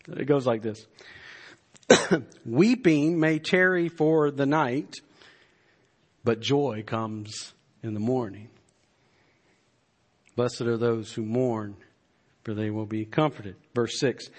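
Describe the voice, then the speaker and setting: A man preaching a Sunday sermon, reading psalms aloud and repeating words as he builds to fervent emphasis. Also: mid-range voice. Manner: slow and deliberate, rising to fervent emphasis when reading psalms; repeats words while searching. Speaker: pastor.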